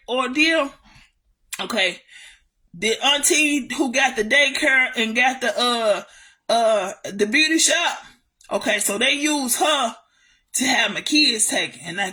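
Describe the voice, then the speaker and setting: Pitched fairly high with a sharp edge, a woman vlogs a furious family story. She curses, circles back over the same points, and calls out to the people watching.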